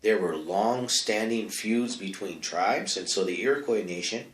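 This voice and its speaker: Man, comic advice host, low voice, rambling asides, close mic, bare echoey room. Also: animated, a little slow. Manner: rambling and offhand, full of asides and mic checks. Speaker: comedic advice-column host. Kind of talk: rambling comedic monologue. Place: small home studio with no insulation. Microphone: close microphone.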